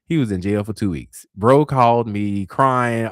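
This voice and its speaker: A man's voice: lowish voice, brisk, few pauses, dry recording, studio quality. A man in his forties hosting a talk show, telling dating stories in a casual, sassy way and acting out the dialogue. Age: 40s. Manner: animated, acts out dialogue with sass. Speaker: host. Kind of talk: casual storytelling.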